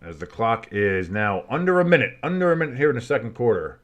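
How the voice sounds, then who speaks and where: A tired, yawning man hosting a live football stream, calling the plays with loose, rambling chatter and sudden excited calls. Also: medium pitch, fast talker. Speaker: play-by-play streamer and show host. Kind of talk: live play-by-play commentary with reactions.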